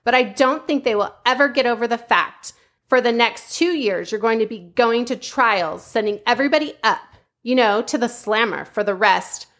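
A woman's voice: a little high, moderate pace, a bit bright. A woman voicing a young Valley Girl, reading out a tense recorded conversation in a put-on accent. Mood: pleading. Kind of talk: reading a transcript aloud in a put-on voice.

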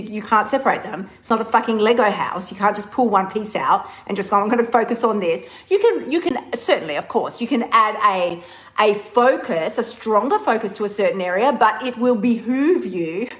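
A woman, a weight-loss coach giving a casual livestream pep talk, animated and laughing often, swearing freely and calling listeners honey. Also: mid-range voice, rough recording.

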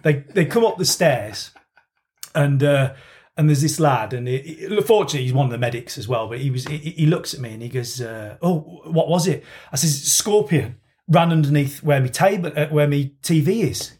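A man's voice: a little high, moderate pace, darkish tone. A man telling a long, rambling story in casual podcast banter, swearing freely.

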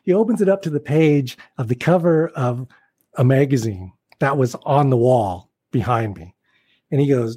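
A man being interviewed as a guest actor, telling anecdotes in a casual, animated way and acting out the people he quotes. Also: medium pitch, moderate pace, breathy edge, no room sound. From Portland, Oregon.

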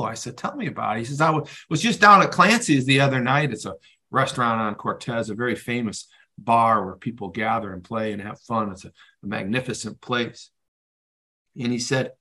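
A man hosting a podcast, telling an anecdote in a lively way and playing both sides of the conversation. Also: medium pitch, brisk. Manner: animated storyteller, laughs and voices both sides of a conversation. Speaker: podcast host and author. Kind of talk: storytelling to a co-host.

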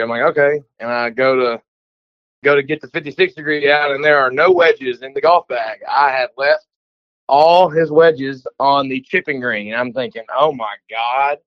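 A man from Texas calling in with a story, talking in a chatty, sometimes rushed way in a casual voice message. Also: mid-range voice, no room sound, lo-fi sound.

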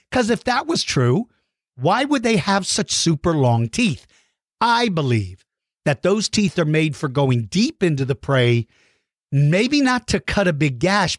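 Male educator, slightly high voice with a very lively pitch, talks right to the viewer, dry close recording. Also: dry recording. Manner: animated, speculative, asks rhetorical questions; addresses viewers directly. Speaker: science educator. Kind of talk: explaining to viewers.

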